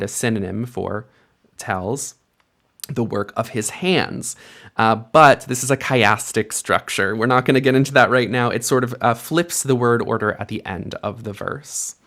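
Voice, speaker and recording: A young man teaching Biblical Hebrew, explaining letters patiently step by step and slowing down to read verses aloud. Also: medium pitch, fairly bright tone. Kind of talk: instructional lesson with slow read-aloud.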